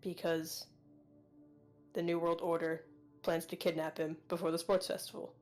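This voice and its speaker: A woman's voice: lowish voice, flat delivery, normal speed, darkish tone, soft background music. A woman playing a tabletop game, giving brief, laid-back replies. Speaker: player. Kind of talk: casual tabletop play.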